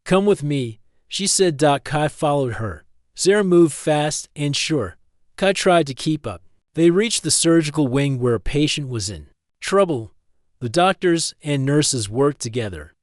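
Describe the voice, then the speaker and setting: A man narrating a scripted sci-fi story in calm, steady, plain sentences. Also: a little high, unhurried, dry recording, studio quality.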